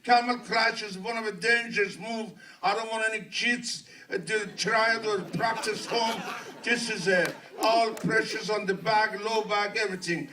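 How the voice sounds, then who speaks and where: An older man from Iran with an Iranian accent, answering audience questions at a premiere Q&A in halting, broken English. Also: high voice, steady tone, bright, forceful tone, slight background noise. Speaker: guest of honor at a film premiere Q&A. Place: theater at a film premiere. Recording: distant mic in a venue.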